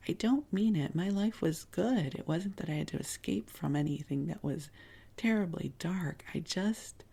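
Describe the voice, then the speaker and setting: A woman in her fifties from the Chicago area speaks in a husky, breathy whisper, her low voice dark and mellow with a gravelly edge. She hosts a sleep podcast in a whispered bedtime storytelling style, reminiscing unhurriedly and close to the microphone. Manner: soft, unhurried reminiscing with gentle laughs.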